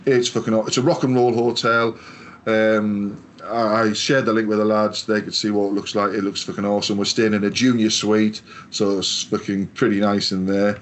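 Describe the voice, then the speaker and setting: A man's voice: fairly low pitch, level tone, normal speed, slight background noise. A man from England co-hosting a podcast, telling long sweary stories in casual chat. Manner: sweary, rambling storyteller. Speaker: podcast co-host.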